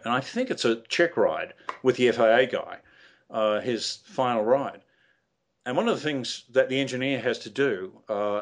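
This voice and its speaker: Rambling older man telling stories. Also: fairly low pitch. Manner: rambling, hesitant, many fillers and restarts. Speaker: guest. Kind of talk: casual storytelling interview.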